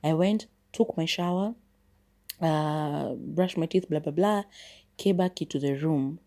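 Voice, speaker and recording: Low, mellow Kenyan woman storytelling. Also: a little slow. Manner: chatty, switches between English and Swahili. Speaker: podcast host. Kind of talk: casual storytelling monologue.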